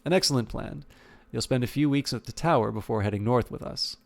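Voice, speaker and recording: Man putting on a gravelly sardonic elf warrior. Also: medium pitch, a little fast, a little mellow, close to an everyday voice. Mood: wry. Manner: sardonic, blustering oaths. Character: proud hot-tempered male elf warrior.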